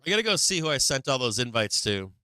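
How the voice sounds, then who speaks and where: A man's voice: medium pitch, sing-song, fast talker, bright, forceful tone, clean tone, dry recording. A man hosting a stock market livestream, chatting casually and profanely with his viewers in a rambling way.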